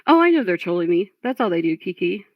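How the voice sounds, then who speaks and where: A woman's voice: fairly low pitch, very animated, quick pace, no room sound. A woman hosting a livestream, talking casually and reading chat, frustrated and blunt, swearing at trolls. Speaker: livestream host. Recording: dull lo-fi stream audio.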